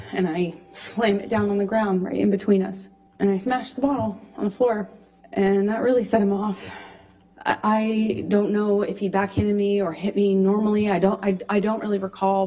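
A woman in her thirties giving testimony as a witness in a courtroom, speaking haltingly with frequent restarts into a witness stand microphone. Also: mid-range voice, level tone, dark tone.

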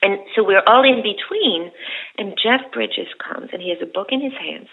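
A woman actress guest telling animated, rambling stories full of fillers. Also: mid-range voice, normal speed, creaky. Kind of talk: casual storytelling. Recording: tinny phone-like sound.

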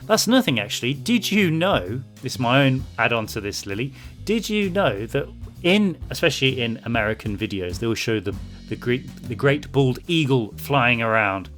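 Male podcast host, mid pitch, lively, teasing, faint music beneath. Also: moderate pace. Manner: teasing, upbeat. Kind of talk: casual chat.

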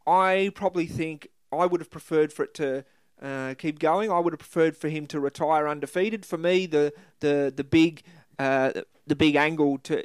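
Smooth-voiced wrestling fan. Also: male voice, fairly high pitch, no room sound. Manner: measured, explains at length. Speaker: podcast guest, wrestling fan. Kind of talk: casual opinion chat.

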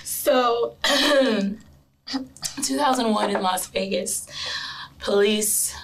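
A woman's voice: fairly high pitch, drawn-out words, a bit bright, a little hiss or hum, low-quality recording. A woman in her thirties, co-hosting a podcast and telling a true crime story in a chatty way, with asides. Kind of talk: casual chat.

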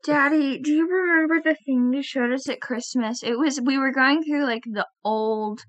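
A young woman, a podcast guest on a video call, telling a story in an excitable, rambling way. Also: high voice, normal speed, no echo. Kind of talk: casual chat.

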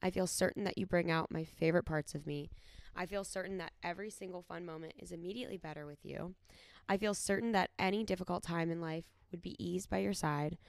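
A woman's voice: on the low side, creaky, no echo, studio quality. A woman in her thirties, a podcast co-host, reading her wedding vows aloud in a tender, sincere way.

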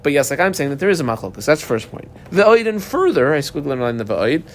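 A man teaching a Talmud class in a slightly raised voice. He reads the text aloud, then explains each line with a lot of rise and fall. A faint rumble sits under the recording. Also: very animated, fast talker.

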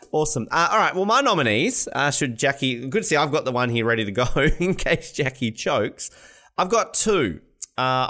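Male podcast host, mid-pitched, chatty, jokey, rambling. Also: a bit bright. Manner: joking, rambling, laughs often. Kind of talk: casual chat.

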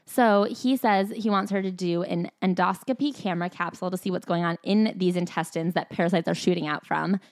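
A woman with a lowish voice co-hosts a chatty podcast and recaps a book in a storytelling way. Her delivery is dry and sarcastic, and the sound is close and dry with no room around it. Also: fairly quick, hardly any pauses, a little mellow, no echo. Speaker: podcast co-host. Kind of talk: casual chat recapping a book.

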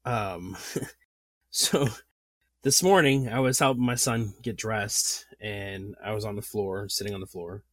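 A man's voice: fairly low pitch, a little slow, no room sound. A man in his thirties, a podcast host, telling a story in a casual chat, laughing often and filling his talk with "like.". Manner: animated storytelling, laughs often, many fillers.

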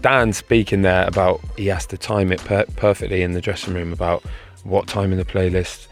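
A man co-hosting a boxing podcast, talking in a relaxed, friendly way. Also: deep voice, brisk, soft background music. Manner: relaxed, friendly, plugs the show's socials. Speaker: podcast co-host. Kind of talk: casual podcast chat.

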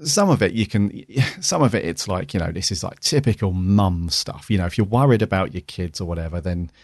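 A man's voice: sits low, lively intonation, a little fast, slightly rough, dry recording, clean studio sound. A man co-hosting a podcast, talking casually and rambling with many "you know"s. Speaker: podcast co-host. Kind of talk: casual review chat.

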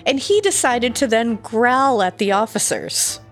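A woman's voice: on the high side, sing-song, a little slow, faint music behind. A woman co-hosting a podcast, chatting casually and jokingly about odd crimes. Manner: jokey, laughs often, reads out quotes. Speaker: podcast co-host. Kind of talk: casual true-crime chat.

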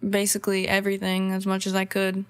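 A woman's voice: medium pitch, monotone, fast talker, smooth. A young woman in her early twenties, answering interview questions casually and hesitantly with many fillers. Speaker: guest.

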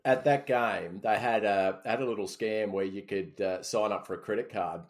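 A man's voice: lowish voice, normal speed. An Australian man in his forties, co-hosting a podcast and telling rambling, self-mocking stories in casual chat. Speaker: podcast co-host.

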